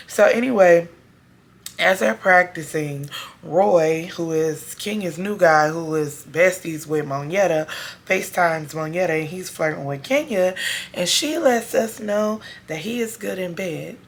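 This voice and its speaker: A hoarse woman recapping a TV episode for her viewers in a sassy, casual, chatty way. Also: on the low side, a little slow. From Chicago area. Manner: sassy, talks straight to her audience with slang. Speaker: TV show review vlogger.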